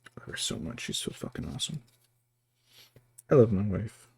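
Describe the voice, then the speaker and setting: A man's voice: lowish voice, wildly swooping pitch, normal speed, vocal fry, dark tone, husky, no room sound. A man streaming as he paints miniatures, talking casually and muttering to himself as he works. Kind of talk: casual chat while working.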